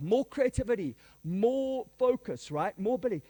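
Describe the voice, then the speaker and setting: High-voiced man leading a lively workshop. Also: moderate pace, hardly any pauses. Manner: energetic, joking, addresses audience as folks. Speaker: workshop speaker. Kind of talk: live workshop talk. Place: conference room before a live audience.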